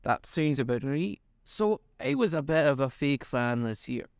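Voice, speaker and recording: A man's voice: medium pitch, lively intonation, normal speed, vocal fry, smooth, no echo, clean studio sound. A man co-hosting a podcast in casual chat, rambling and teasing as he jokes with his friend. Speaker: podcast co-host.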